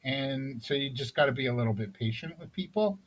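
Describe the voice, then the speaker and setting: A man's voice: mid-range voice, animated, brisk, rough recording. A man giving a business coaching talk on selling, conversational, often checking in with "right?" and restarting phrases. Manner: conversational, frequent "right?" tag questions and restarts. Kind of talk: recorded sales seminar talk.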